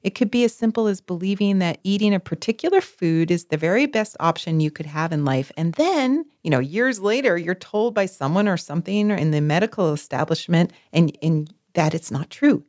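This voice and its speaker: A woman co-hosting a casual chat tells stories expressively, acting out the people in her examples with vivid, animated voices. Her voice is mid-range, and the recording is studio quality with no room sound.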